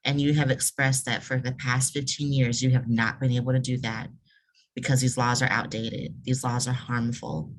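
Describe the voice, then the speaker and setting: A woman's voice: extremely low pitch, flat delivery, normal speed, poor audio. A woman moderating a webinar panel on a video call, speaking in a casual, affirming way. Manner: warm, affirming, casual with fillers.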